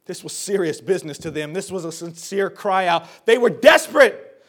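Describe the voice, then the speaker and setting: A man with a high-pitched voice preaches a sermon, drifting down to near whispers and then climbing to full shouts. He hammers points home by saying them twice. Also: animated, a little fast. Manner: swings from hushed to shouting, repeats phrases for emphasis.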